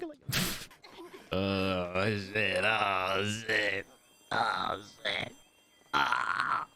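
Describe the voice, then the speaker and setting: A man reacting to an anime episode in casual commentary, swearing and laughing often and jumping into high yelps when startled. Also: fairly even intonation, very slow, creaky, bright, forceful tone. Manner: frequent laughter and profanity.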